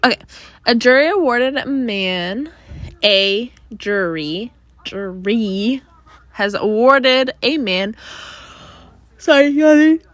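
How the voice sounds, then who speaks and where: A woman's voice: a little high, expressive, slow, pauses often, a bit bright, no room sound. A young woman hosting her own podcast, rambling through the week's news in casual chat with many fillers and sighs, bothered by allergies. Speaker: podcast host.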